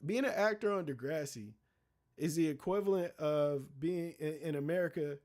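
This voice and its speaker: A man's voice: a little high, normal speed, a little mellow. Slangy young man ranting casually. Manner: loose, profane, rambling slang with many restarts. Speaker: streamer commentator. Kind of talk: casual commentary to a live chat.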